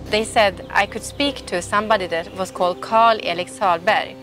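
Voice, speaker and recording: A woman's voice: mid-range voice, fairly even intonation, a bit bright, soft background music. Woman giving a heartfelt testimony. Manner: emotional, halting, with frequent restarts. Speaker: testimony speaker. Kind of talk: personal faith testimony.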